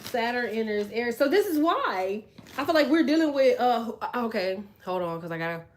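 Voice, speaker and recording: A woman with a slightly high voice talks to her live viewers in a casual, blunt way. She speaks, laughs often and reads their comments aloud. Her delivery is loose and chatty, like an informal stream. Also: big pitch swings, moderate pace. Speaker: tarot live stream host.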